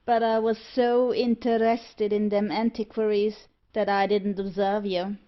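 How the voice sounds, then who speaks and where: A woman's voice: medium pitch, level tone, a little slow, lo-fi sound, lightly acted. A woman reading aloud, voicing a good-natured Irish laboring man with an Irish accent. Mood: placating. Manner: hearty, placating.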